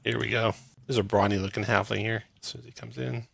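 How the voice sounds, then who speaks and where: Game master, man, gravelly and bright, dry close sound, chatty and quick. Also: fairly low pitch, little pitch movement, no room sound. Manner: quick, chatty, laughs often. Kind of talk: running a tabletop game online.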